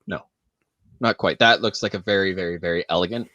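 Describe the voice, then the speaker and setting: Lowish dude rambling thru a story on a podcast, lots of um and like, dry close sound. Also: male voice, fairly quick, pushed and bright, dry recording, lo-fi sound. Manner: rambling, filler-heavy storytelling. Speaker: podcast co-host. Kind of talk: casual chat.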